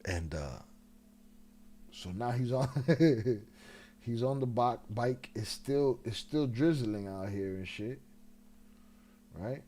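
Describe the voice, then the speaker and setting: A man hosting a live stream, telling a profane, animated story in a casual way and laughing along. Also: mid-range voice, takes it slowly, pauses often.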